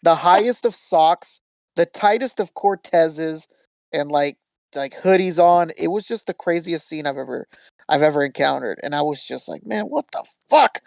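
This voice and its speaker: A man's voice: on the high side, normal speed, creaky, no echo. A man hosting a podcast, telling a story in casual chat, swearing freely and acting out quotes. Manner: profane, animated storytelling with acted quotes. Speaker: podcast host.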